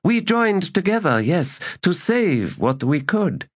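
A man's voice: high voice, sing-song, takes it slowly, slightly rough, voice pushed up, heavily acted. A man voicing a fierce fanged giantess. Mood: defiant. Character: Kilmandaros, a huge fanged goddess, fierce and defiant.

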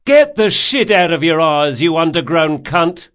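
A man voicing an angry, hot-tempered sailor on a cargo galley who shouts curses. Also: a little high, sing-song, unhurried, pitched above the performer's own voice. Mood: furious.

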